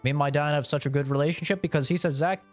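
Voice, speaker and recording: A man's voice: on the high side, steady tone, very fast, soft background music. A young man streaming a game, giving mock-serious life advice in a joking, preachy way. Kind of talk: casual gameplay commentary.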